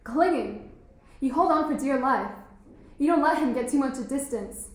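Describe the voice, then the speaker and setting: Actress playing a sharp-tongued cynical schoolgirl, high voice, big echoey hall, stage play. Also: expressive, moderate pace. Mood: intense. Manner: provocative, mocking. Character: cynical, intense teen girl student.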